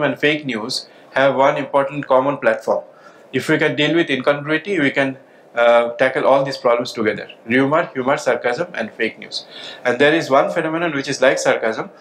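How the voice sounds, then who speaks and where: A man giving a conference lecture, speaking in a measured way with frequent "okay" and "uh" fillers. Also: mid-range voice, a bit bright, rough recording. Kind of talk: conference talk.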